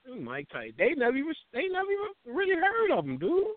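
Animated man telling stories over narrow radio sound. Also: extremely high pitch, fast, no room sound. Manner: animated storyteller, swears a lot. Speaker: radio show co-host. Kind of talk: casual profane chat. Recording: phone-like narrow band.

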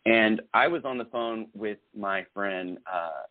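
A man co-hosting a podcast in casual chat, reflective and halting, with many fillers. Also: lowish voice, dry recording. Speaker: podcast co-host. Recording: tinny phone-like sound, dry.

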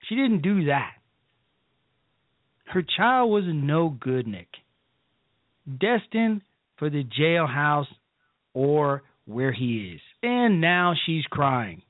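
Slow, emphatic man on tinny radio. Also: on the high side, very animated, no room sound. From south side of Chicago. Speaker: radio talk show host. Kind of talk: blunt call-in radio commentary. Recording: dry, phone-like call-in radio line.

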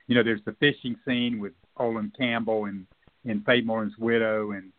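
A man's voice: on the low side, level tone, normal speed. Reflective man on a tinny phone line. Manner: reflective, hesitant with many fillers and restarts. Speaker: novelist guest. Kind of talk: radio interview conversation. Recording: phone-like narrow band.

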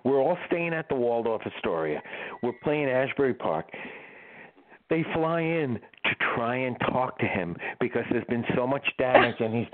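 A man's voice: mid-range voice, normal speed. Older guy telling crazy tour stories, voice jumps all over, sounds like a phone line. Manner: animated, laughing storyteller. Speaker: guest musician.

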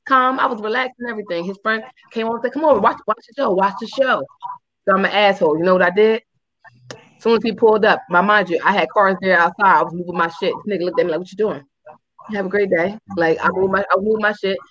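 Talking quickly over audio with the highs cut off, this podcast co-host tells a story in casual, profane banter. She's animated and mimics what people said with high squeals.

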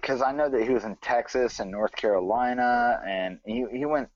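A man's voice: medium pitch, big pitch swings, moderate pace, no echo, highs cut off. A man from the American South, co-hosting a podcast in loose, profane casual chat full of fillers. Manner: rambling, profane, many fillers. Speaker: podcast co-host.

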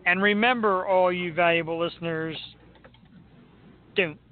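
A man's voice: high voice, steady tone, unhurried, slight background noise. A man hosting a podcast in casual chat, joking and laughing often. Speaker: podcast host. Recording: tinny phone-like sound.

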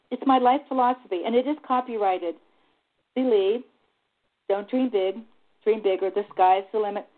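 A woman guest on a talk radio interview, speaking in an earnest, heartfelt and openly emotional way. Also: a little high. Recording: tinny phone line.

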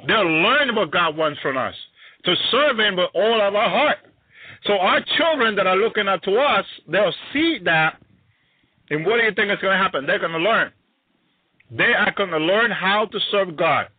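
A man preaches with emphatic, repeating phrases and frequent hallelujahs. His voice sits a little high and sounds dry and tinny, like a phone line. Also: animated, moderate pace, no echo. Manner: emphatic, repetitive, exclaiming hallelujah. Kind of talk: sermon.

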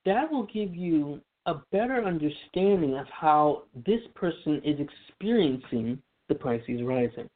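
A man's voice: on the high side, expressive, measured pace, hardly any pauses. A man explaining astrology in casual radio talk, chatty, with many fillers and restarts. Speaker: astrology guest. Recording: tinny phone line.

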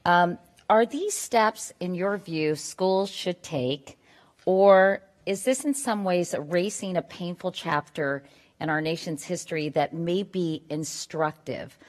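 Low-voiced playful woman moderator. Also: slow. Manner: playful, laughing asides. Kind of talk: moderating a panel.

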